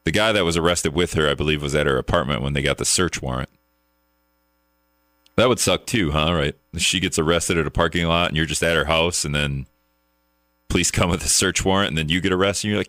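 A man's voice: extremely low pitch, a little fast, a bit bright, dry recording, clean studio sound. A man from the hosting a call-in talk radio show, joking and rambling, often laughing at his own asides.

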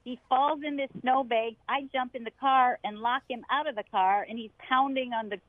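A middle-aged woman tells a story on a radio interview, lively and expressive, slipping into the voices of the people she quotes. Her voice comes through a narrow, phone-like line with a very dry, close sound. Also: a little high, moderate pace, dry recording. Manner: animated, acts out quoted voices, laughs often. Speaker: co-host.

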